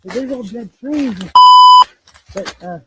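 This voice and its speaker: A man's voice: sits high, slow, very noisy. A man, casually rambling as he walks and guides someone through rural woods outdoors. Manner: rambling, streetwise, full of fillers. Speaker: local guide. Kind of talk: casual chat while walking.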